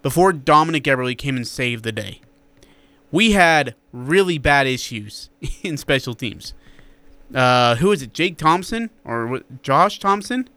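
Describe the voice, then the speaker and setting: Man, sports radio host, bright forceful voice, rambling and joking, dry close sound. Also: medium pitch, expressive, a little slow, no echo. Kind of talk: casual sports talk.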